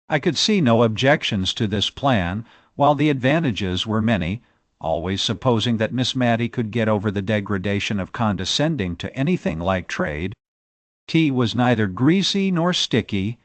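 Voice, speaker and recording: A man narrating a classic novel as an audiobook, in expressive, measured storytelling. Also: fairly low pitch, dry recording.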